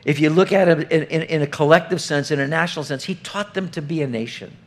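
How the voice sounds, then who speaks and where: A man's voice: fairly high pitch, quick pace. Man preaching, conversational sermon, earnest, asks the room questions. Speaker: pastor.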